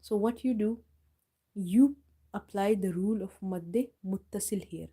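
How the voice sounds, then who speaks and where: A woman teaching Quran recitation, spelling out each letter and vowel slowly and patiently. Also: mid-range voice, dark tone, husky. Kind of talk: tajweed lesson.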